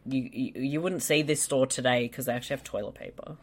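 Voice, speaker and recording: A man's voice: mid-range voice, quick pace. A man co-hosting a casual movie commentary chat, teasing friends and swearing freely. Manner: swearing, teasing, excitable reactions. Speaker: podcast co-host.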